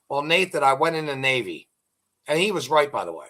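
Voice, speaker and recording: Here a middle-aged interview host tells long, wandering jokes and stories in a casual chat. His mid-range voice swings widely in pitch, pushed and bright, moving a little fast.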